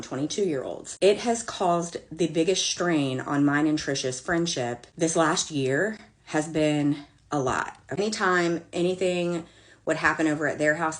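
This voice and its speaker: A woman in her thirties tells a long personal story in a casual, blunt way. She swears freely and drops sassy, exasperated asides as she goes. Her voice sits a little on the low side. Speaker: storyteller vlogger.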